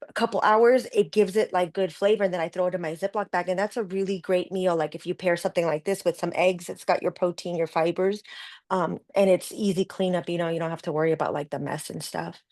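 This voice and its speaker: A woman's voice: on the low side, steady tone, quick pace, a little mellow. A woman in a group video call sharing meal tips casually, with many fillers.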